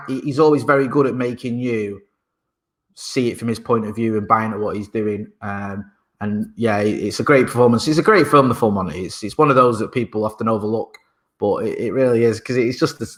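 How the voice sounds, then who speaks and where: A man's voice: medium pitch, fairly bright tone. A man co-hosting a podcast, chatting casually and joking dryly, often restarting while he searches for words. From Britain. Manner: dry, joking banter. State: parent. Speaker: podcast co-host. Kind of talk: casual chat.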